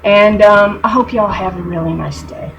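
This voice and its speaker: A woman's voice: mid-range voice, normal speed, highs cut off, noisy background. A woman teaching from scripture in a video, reading verses aloud and commenting on them emphatically. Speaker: bible teacher.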